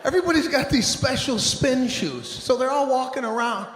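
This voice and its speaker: A man doing stand-up comedy, telling stories in an animated, exasperated way before a live audience. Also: extremely high pitch, normal speed. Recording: echoey hall with live crowd and noise. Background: audience laughter.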